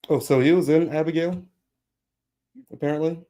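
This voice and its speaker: A man's voice: fairly high pitch, fairly even intonation, moderate pace, warm tone. A man with a Southern US accent co-hosting a casual podcast, reading news aloud and arguing his points. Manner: reads news aloud, thoughtful, defends opinions. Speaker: co-host.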